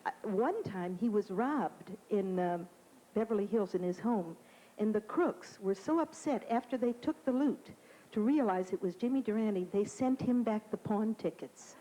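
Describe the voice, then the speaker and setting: A woman's voice: medium pitch, lively intonation, normal speed, dark tone, rough recording. A woman comedian telling stories as a talk show guest, chatty and theatrical, dropping into impressions. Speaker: comedian and singer. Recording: old 1980 TV broadcast with audience noise.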